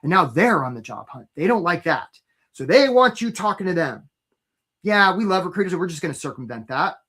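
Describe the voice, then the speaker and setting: A man's voice: high-pitched, big pitch swings, brisk, sharp tone, husky. A man coaching job seekers in a live webinar, upbeat and chatty, who keeps asking "right?" and greets viewers by name. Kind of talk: energetic live webinar pitch.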